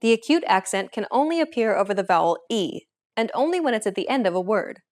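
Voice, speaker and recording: A woman hosting a language lesson, reading a script in a clear, even, instructive way. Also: medium pitch, quick pace.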